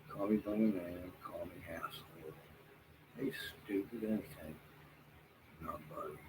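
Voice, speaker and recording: A tired man talking to viewers in a halting, rambling monologue, full of fillers and restarts, sometimes dropping to a near whisper. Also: sits low. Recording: noisy room background.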